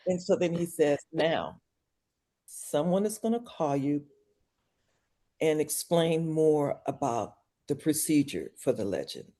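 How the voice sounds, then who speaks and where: Older lady guest telling a story, low mellow voice, does all the voices, goes from whispery to screaming. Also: expressive, measured pace. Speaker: podcast guest. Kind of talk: animated anecdote in a casual interview.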